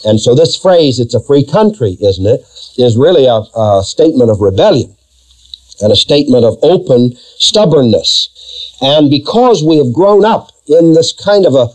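Animated preacher, mellow voice. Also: male voice, on the high side, moderate pace, rough recording. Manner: emphatic, rhetorical questions to the congregation. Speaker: pastor. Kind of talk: sermon.

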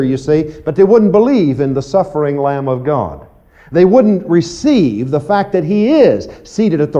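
A man preaching an evening Bible teaching in a folksy, conversational way, often saying "you see" and "okay.". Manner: animated, acts out quoted voices with big pitch jumps. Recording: muffled lo-fi recording.

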